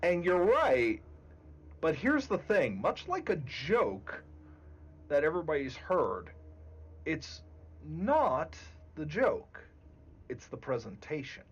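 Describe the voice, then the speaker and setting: A man speaking as a guest game master in a casual discussion, deliberate and emphatic. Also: a little high, wildly swooping pitch, breathy edge, dull audio.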